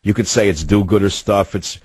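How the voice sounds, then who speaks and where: Husky-voiced ranting radio host, a man. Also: lowish voice, steady tone, fairly quick, a little mellow, dry recording. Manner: indignant, ranting commentary; sardonic asides. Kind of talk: talk radio monologue.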